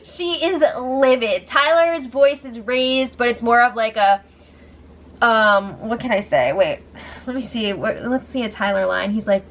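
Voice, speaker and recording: A young woman giving a casual, excitable recap of a reality show, laughing often as she talks. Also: fairly high pitch, measured pace, a little hiss or hum.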